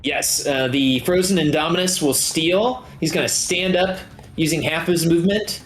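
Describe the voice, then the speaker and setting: A man running a tabletop game as game master, talking in a relaxed, halting way with many fillers. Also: a little high. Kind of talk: narrating a tabletop game over voice chat.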